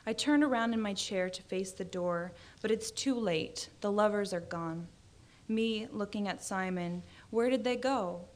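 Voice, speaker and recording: A woman reads her own short fiction aloud in a measured, dry narrating voice. Her pitch sits in a comfortable middle range. The delivery is steady and unhurried. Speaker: author reading her fiction. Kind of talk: literary reading.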